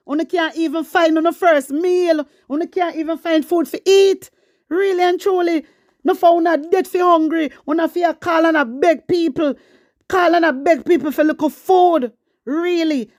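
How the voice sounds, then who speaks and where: A woman's voice: high-pitched, no room sound, studio quality. A woman with a Jamaican accent hosting her own commentary channel, talking politics in a fiery, preachy way and often asking her viewers if they understand. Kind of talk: casual political rant.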